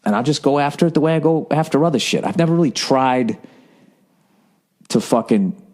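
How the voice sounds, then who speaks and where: A man in his forties from the United States talks through a casual podcast monologue at a middle pitch. He rambles, swears freely and pokes fun at himself, restarting sentences as he goes. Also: animated, brisk, a little mellow. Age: 40s. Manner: rambling and profane, self-mocking, with frequent restarts. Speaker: podcast host and comedian.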